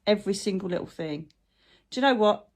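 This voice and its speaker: A woman's voice: mid-range voice, expressive, brisk. A woman, host of her own channel, chatting in a rambling, heartfelt way while living with a chronic illness. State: chronic illness, brain fog. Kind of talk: casual heartfelt vlog chat.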